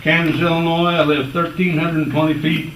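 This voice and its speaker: Elderly man, 80s, folksy and halting; distant mic in a reverberant room. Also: fairly high pitch, little pitch movement, very noisy. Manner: rambling and folksy, with halting restarts. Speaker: public commenter. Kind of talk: spoken public comment at a county board meeting. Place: meeting room.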